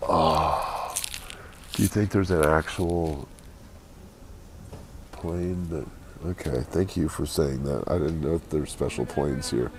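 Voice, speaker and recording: A hungover man chatting casually with his live-stream viewers from an airport, keeping his voice quiet and low. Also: slow, pauses often. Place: airport waiting area.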